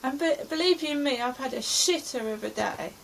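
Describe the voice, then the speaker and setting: A middle-aged woman from England recounts her stressful day in an anxious, rambling present tense. Her voice is raspy and gravelly and sits slightly high, with a faint hiss in the background. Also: normal speed, fairly bright tone, low-quality recording. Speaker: vlogger. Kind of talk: personal diary account.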